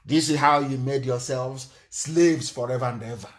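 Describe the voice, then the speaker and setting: A man's voice: medium pitch, normal speed. A man lectures live on air in a fiery, scornful tone. He drives his points home with emphasis and repetition. He often spells words out letter by letter. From Nigeria. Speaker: political movement leader.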